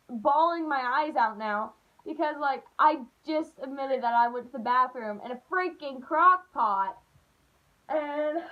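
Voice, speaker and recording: A young woman telling a childhood story on her vlog, animated and full of "like", acting out the voices. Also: high voice. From Appalachian United States. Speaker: vlogger. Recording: dull lo-fi recording.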